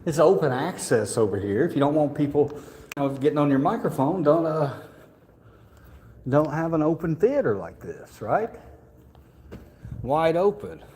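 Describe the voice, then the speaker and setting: Chatty guy vlogging on his phone, mellow voice, echoey rooms. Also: a little high, very animated, normal speed, long pauses, slight background noise. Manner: chatty, joking, rambling, laughs often. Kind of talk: casual vlog walkthrough. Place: indoor museum halls. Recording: echoey museum rooms, faint ambience.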